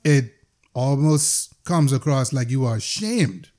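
Calm male host, mid-pitched voice. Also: slow pace. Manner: quiet, mostly brief affirmations. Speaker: podcast host. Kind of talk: casual interview.

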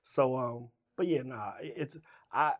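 This middle-aged Richmond, Virginia man, a rapper guesting on an interview, delivers an animated, profanity-filled story in which he performs both parties in each exchange. He talks at a medium pitch and a slightly slow pace.

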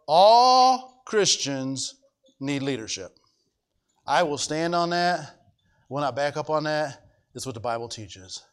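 A middle-aged male pastor preaches a sermon emphatically, repeating his points and asking the congregation whether they follow. His voice is a little high, smooth and fairly bright.

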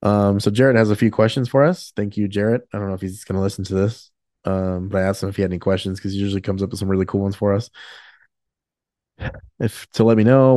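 With a lowish, dark voice in a clean studio recording free of room sound, a podcast host in his late twenties speaks while emotional and choked up. He's candid and casual, rambling with lots of fillers and restarts.

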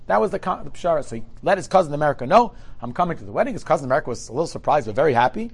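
A man telling a story in a lively way, acting out each speaker in his tale. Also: fairly high pitch, rapid-fire, creaky, slightly rough. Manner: lively, acts out every quoted speaker. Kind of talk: animated storytelling.

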